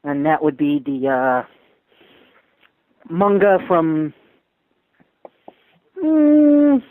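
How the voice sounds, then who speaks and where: A man's voice: fairly high pitch, big pitch swings, very slow, narrow, tinny audio. A young man co-hosting a casual podcast chat, talking loosely and hesitantly. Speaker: podcast co-host.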